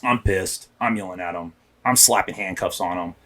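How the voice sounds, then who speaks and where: A man's voice: low voice, normal speed, fairly bright tone. A man, a police officer, telling his story candidly and emphatically in a casual podcast interview, often checking in with "right?". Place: podcast studio.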